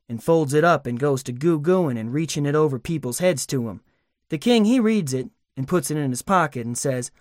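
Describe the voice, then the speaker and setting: A man's voice: medium pitch, a little fast, dry recording, clean studio sound. A man narrating an audiobook in a folksy storytelling manner, shifting into character voices.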